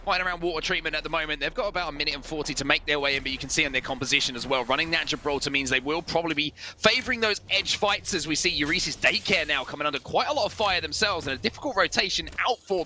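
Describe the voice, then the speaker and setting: A young British man calling an esports match at a rapid clip, his voice bright and forward. He pitches a little higher than most men and leaps up in pitch for exclamations, and a faint hiss sits under the mic. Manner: fast, excitable play-by-play, jumping into higher exclamations. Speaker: esports caster. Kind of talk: play-by-play commentary.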